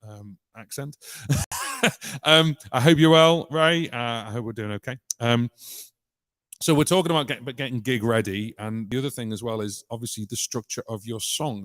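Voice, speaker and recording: On a dry recording, a mid-range British man rambles through a casual looping tutorial on his live stream, restarting often and saying um a lot. He's a loop musician and channel host using a vocal mic fed into a vocal effects unit.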